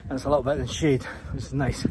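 Scottish man, travel vlogger, out of breath, walking outdoors, clear background noise. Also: medium pitch, level tone, rapid-fire. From Scotland. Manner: chatty, pointing things out while walking uphill. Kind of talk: walking tour commentary. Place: outdoors on a hilltop castle.

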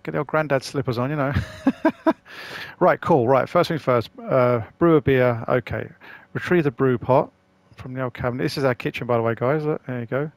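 A man's voice: medium pitch, brisk, few pauses, dry recording. A man casually commenting on a video game he is playing for the first time, chatty and rambling. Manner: chatty, rambling, self-deprecating. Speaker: gaming channel host.

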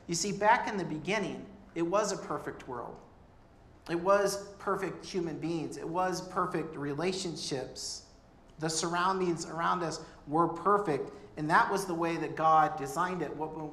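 Earnest, conversational pastor in an echoey room. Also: male voice, fairly high pitch, measured pace, a bit bright, a little hiss or hum. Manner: conversational, earnest, with humorous asides. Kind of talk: sermon. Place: church.

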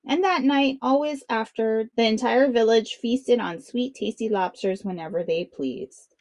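A woman reading a children's picture book aloud with expressive, dramatic narration. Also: fairly high pitch, a little slow, no room sound. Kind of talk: read-aloud storytelling for children.

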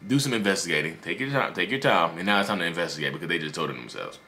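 Animated, bright-voiced man giving relationship advice. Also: deep voice, racing, slight background noise. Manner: animated, joking, talks to viewers directly. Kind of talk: casual advice monologue.

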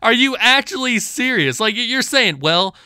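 A man's voice: very high voice, animated, normal speed, bright, forceful tone, smooth, no room sound, clean studio sound. A man hosting a commentary vlog, ranting in an exasperated, sarcastic way with lots of stammering restarts. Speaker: channel host.

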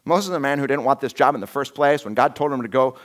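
A man's voice: medium pitch, fast talker. Male pastor preaching casually. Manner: casual storytelling with lively acted-out quotes. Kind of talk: conversational sermon. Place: church sanctuary.

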